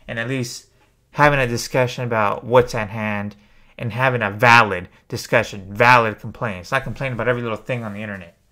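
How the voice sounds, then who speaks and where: A man's voice: medium pitch, sharp tone. A man venting to camera in an exasperated opinion rant, swearing freely as a small YouTuber. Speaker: wrestling YouTuber.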